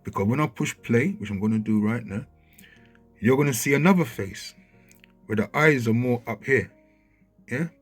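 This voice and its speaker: A man with a husky, slightly rough voice talks over footage in a loose, conversational way. He grows excitable and keeps checking in with his listener. Faint music plays behind him. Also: medium pitch, normal speed, pauses often. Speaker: video commentator. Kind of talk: casual commentary over footage. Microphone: handheld mic.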